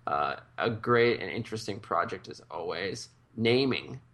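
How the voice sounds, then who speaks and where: A man's voice: deep voice, lively intonation, a little slow, fairly bright tone. A man co-hosting a podcast in easygoing casual chat. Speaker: podcast co-host.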